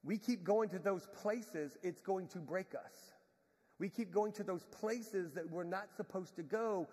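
A man preaching a sermon and telling a personal testimony, moving between quiet reflection and urgent pleading. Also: on the high side, long reverb tail. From Houston, Texas. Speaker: pastor.

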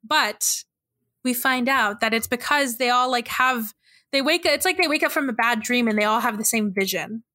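Bright-voiced woman chatting animatedly. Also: a little high, normal speed, dry recording, clean studio sound. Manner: animated, laughs often, swears casually. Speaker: podcast co-host. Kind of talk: casual movie discussion.

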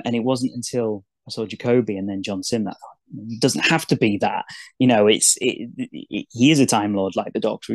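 A man's voice: on the low side, darkish tone, dry recording. Easygoing man, dry close sound. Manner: easygoing, hesitant, many restarts and agreeing murmurs. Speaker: podcast co-host. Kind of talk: casual chat commenting while watching.

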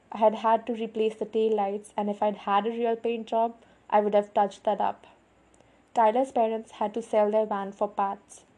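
A woman reading a novel aloud in the first person, with even, measured storytelling. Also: mid-range voice. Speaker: audiobook narrator.

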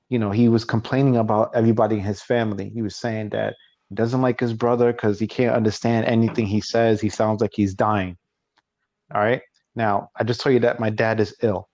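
A man's voice: lowish voice, a little mellow, no echo. A man in his forties hosting a podcast, telling a personal story in casual chat and acting out both sides of a quarrel. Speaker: podcast host. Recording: dull, dry lo-fi recording.

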